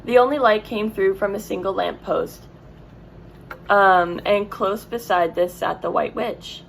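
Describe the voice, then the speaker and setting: Woman reading a kids book out loud, gravelly voice, chatty little asides. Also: medium pitch, unhurried, slight background noise, rough recording. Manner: casual asides and self-corrections. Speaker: reader. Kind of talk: reading a children's book aloud.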